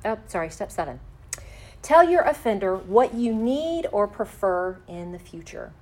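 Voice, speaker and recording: Woman giving a measured faith-based lesson. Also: mid-range voice, very animated, a little mellow. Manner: measured and step-by-step, slowing for key phrases. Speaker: teacher on forgiveness. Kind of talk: faith-based instructional talk.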